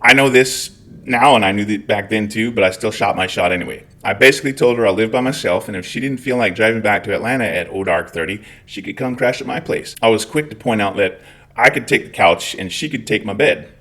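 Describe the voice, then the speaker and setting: A man's voice: fairly low pitch, a little fast, fairly bright tone. Wry, profane Scottish man telling stories. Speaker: host. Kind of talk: storytelling monologue.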